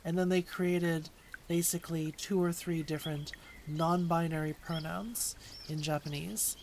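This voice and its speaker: A woman's voice: sits low, fairly even intonation, a little slow, a little mellow, slight background noise. A woman streamer chatting casually with her chat while teaching Japanese, answering questions in a playful way.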